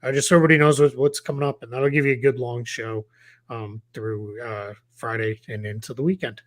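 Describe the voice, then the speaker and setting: Man, live-stream host, mid-pitched, rambling with fillers and restarts. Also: fairly even intonation, a little fast. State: has the hiccups. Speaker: podcast host. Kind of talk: casual live-stream chat.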